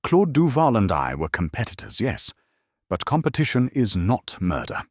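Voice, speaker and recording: Crisp defiant Frenchwoman, as a man puts her on. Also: mid-range voice, very animated, moderate pace, dry recording, clean studio sound, voice pushed up. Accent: faint French. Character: composed, defiant French businesswoman wine dealer.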